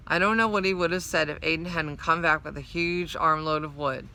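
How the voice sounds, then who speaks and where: A woman's voice: sits low, steady tone, a little fast, hardly any pauses, pushed and bright, slight background noise. A woman reading a novel aloud, narrating steadily in the first person. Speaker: storyteller.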